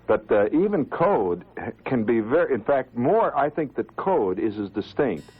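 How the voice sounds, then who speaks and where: A man and amateur radio operator giving an informal, animated talk to listeners, chuckling now and then and often restarting his sentences. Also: medium pitch, measured pace, slightly rough, phone-quality sound.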